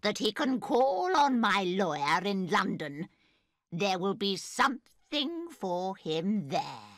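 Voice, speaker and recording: A male reader voicing a sharp-tongued rich old lady in a storybook reading, with a shrill, slow, scornful delivery. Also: very animated, no echo, studio quality, heavily acted. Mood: haughty. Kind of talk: audiobook character voice.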